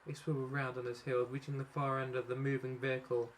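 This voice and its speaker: A man of middle pitch narrates a comic story he wrote himself. He reads at a steady pace and now and then trips over a word before he goes on. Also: quick pace, slight background noise, poor audio. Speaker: author and narrator. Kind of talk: reading his own comic story.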